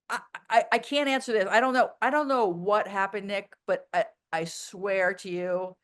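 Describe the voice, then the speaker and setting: Blunt, animated woman telling stories. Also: fairly high pitch. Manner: blunt, animated storyteller with many "like" fillers. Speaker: interview guest. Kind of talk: casual interview chat.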